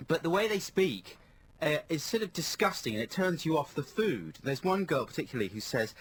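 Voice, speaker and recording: A man co-hosting a radio show, telling stories in a lively, animated way and acting out what people said. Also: fairly high pitch, fairly quick, slight background noise. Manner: animated storyteller, acts out quotes. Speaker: radio co-host. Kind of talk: casual radio chat. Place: radio studio. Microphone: studio microphone.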